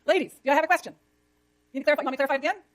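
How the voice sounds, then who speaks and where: A woman lecturing an economics class, brisk and jokey, scolding the chatter when it gets too loud. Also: high voice.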